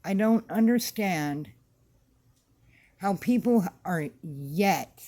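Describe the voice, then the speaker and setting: A woman vlogger holds forth to camera in a blunt, emphatic rant, circling back over the same points. She talks slowly and deliberately. Her voice has a mellow, warm color. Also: medium pitch, lively intonation. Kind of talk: casual opinion rant to camera.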